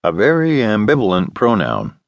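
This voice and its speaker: A man reads a first-person novel in a wry storytelling manner. His voice sits low, and its pitch moves a great deal from phrase to phrase. The studio recording is close and completely dry. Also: wildly swooping pitch, normal speed, dry recording, dull audio. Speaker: audiobook narrator. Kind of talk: scripted first-person narration.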